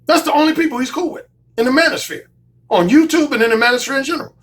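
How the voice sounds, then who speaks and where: A man's voice: extremely high pitch, quick pace, fairly bright tone. A man who works as a dating coach, telling a story in a casual monologue, emphatic, often repeating his phrases and swearing freely. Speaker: dating coach and YouTube commentator.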